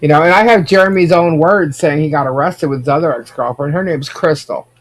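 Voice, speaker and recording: A man's voice: a little high, brisk. A man hosting a casual podcast, chatting and reacting to viewer comments. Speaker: podcast host. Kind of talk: casual gossip chat.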